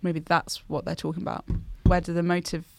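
A woman's voice: on the low side, level tone, a little fast, gravelly, a little hiss or hum. A woman producer co-hosting a podcast, mostly giving short agreements and now and then posing reflective questions. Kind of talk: casual chat.

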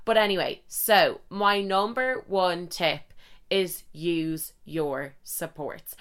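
A woman's voice: fairly low pitch, slow pace, clean tone. A young woman hosting a podcast, talking frankly and casually with lots of swearing and acted-out asides. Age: young adult. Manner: chatty, frank and swearing, with lively quoted asides. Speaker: podcast host. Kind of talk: casual solo podcast chat.

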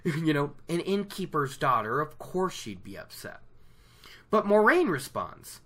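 At home beside a laptop, a reader casually recaps a book chapter, chatty and rambling and frequently correcting themselves mid-sentence. The voice is medium-pitched, very animated, fairly bright, and a little slow.

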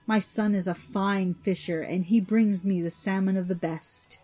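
A woman's voice: steady tone, measured pace, dark tone, soft background music, close to an everyday voice. A woman reading a storybook, voicing a greedy, cunning old man who is a sorcerer and a father. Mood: hospitable. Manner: shrill, cries out.

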